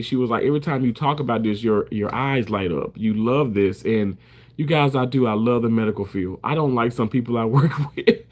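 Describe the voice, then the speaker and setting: Emphatic, swearing man talking to camera. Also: mid-range voice. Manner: emphatic, repeats himself, swears freely. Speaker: surgical first assist. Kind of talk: casual talk to camera.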